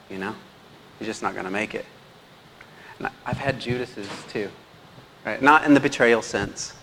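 A man's voice: mid-range voice, fairly bright tone. A man who is a teacher, giving a casual slide presentation and checking in with his listeners often. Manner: chatty, checks in with the audience a lot. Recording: long hall reverb, faint background noise.

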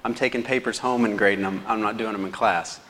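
A man's voice: on the low side, steady tone, quick pace, fairly bright tone. A young adult man giving a lay sermon, telling stories in a self-deprecating way. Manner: self-deprecating, storytelling, chuckles often. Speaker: lay preacher, teacher. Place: church hall. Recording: long hall reverb.

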